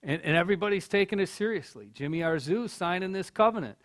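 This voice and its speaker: A man's voice: high-pitched, lively intonation, fast, fairly bright tone. A middle-aged man giving a storytelling speech as keynote speaker at a college, earnest, repeating words when he gets stirred up. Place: college hall.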